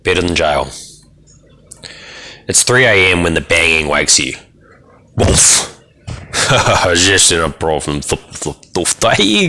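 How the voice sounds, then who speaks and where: A man reading a short story aloud in a gritty, deliberate second-person narration. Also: extremely low pitch, pushed and bright.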